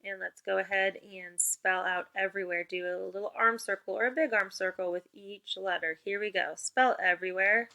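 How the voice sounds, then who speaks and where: A woman teacher giving a remote spelling lesson to young children, upbeat and encouraging, with clear call-and-response prompts. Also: mid-range voice, steady tone, normal speed, few pauses, sharp tone.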